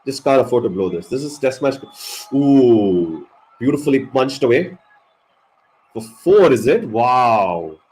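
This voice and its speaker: A man giving live ball-by-ball cricket commentary on a watch-along stream, excitable and swearing at big moments. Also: medium pitch, normal speed, hardly any pauses, poor audio. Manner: excitable, swears, animated reactions.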